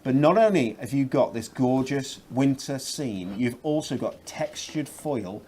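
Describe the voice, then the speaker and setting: A man's voice: mid-range voice, lively intonation, measured pace, darkish tone, slight background noise. A man presenting craft products on a shopping channel, chatty and upbeat with lots of fillers. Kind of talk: enthusiastic product demonstration.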